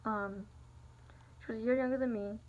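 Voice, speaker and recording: A woman's voice: on the high side, steady tone, normal speed. A young adult woman telling a personal story in a rambling, confiding way, full of fillers. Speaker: vlogger. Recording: dull lo-fi recording.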